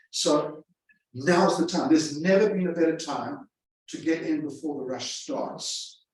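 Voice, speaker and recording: A man giving a live seminar to a room of real estate agents as a sales trainer, emphatic and fond of repeating phrases for effect. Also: fairly high pitch. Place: large room with a live audience. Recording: echoey room from a distance.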